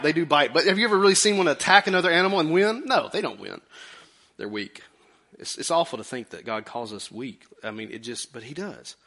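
Man, pastor, folksy sermon, bright tense voice, a bit high. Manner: folksy and animated, acting out quotes in a high put-on voice.

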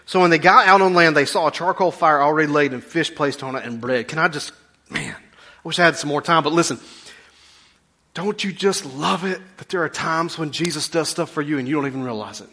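A pastor preaching a sermon in a folksy, humorous way, swinging between loud bursts and hushed asides. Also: male voice, high-pitched, fairly quick.

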